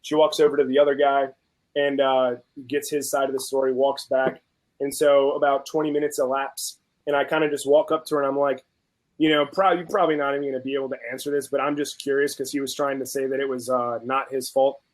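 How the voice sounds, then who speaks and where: A young adult man and host of a food channel, chatting casually and telling a story with lively acted-out quotes. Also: mid-range voice, fast, poor audio. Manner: animated storyteller, acts out quotes.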